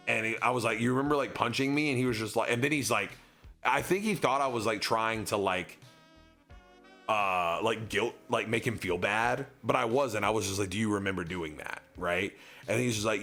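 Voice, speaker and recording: A young man tells a story on his stream, circling through fillers and quoting both sides of old conversations. His voice sits a little low but comes across bright and forceful. Soft music plays faintly underneath. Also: moderate pace. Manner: rambling, heavy on fillers and reenacted dialogue.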